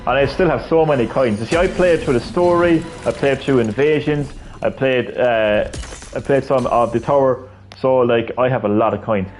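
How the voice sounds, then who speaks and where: A man's voice: mid-range voice, normal speed, soft background music. A man live-streaming a video game, with rambling, profane, ranting commentary.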